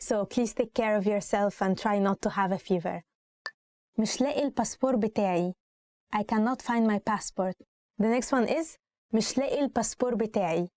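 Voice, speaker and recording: A woman's voice: medium pitch, rapid-fire, a little mellow, dry recording. A woman with an Egyptian accent teaching everyday phrases in a casual lesson, repeating each one and then explaining it with plenty of fillers. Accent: Egyptian Arabic. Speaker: language teacher.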